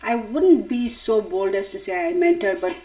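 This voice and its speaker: Her voice is a little high and sing-song with a dark tone, moving at normal speed. She runs a tarot live stream, chatting directly and casually with viewers, wandering off topic and laughing a lot, captured on a low-quality recording.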